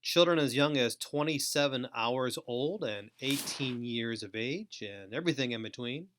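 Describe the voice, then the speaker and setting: A middle-aged man hosting a training webinar, speaking in a deliberate, emphatic way with frequent pauses. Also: medium pitch, fairly bright tone, a little hiss or hum. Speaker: host and trainer.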